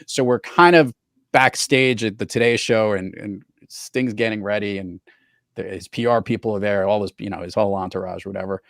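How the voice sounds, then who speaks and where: A man hosting a podcast in casual chat and telling anecdotes in a lively way. He is a professional speaker. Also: lowish voice, normal speed, dry recording, studio quality. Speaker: podcast host.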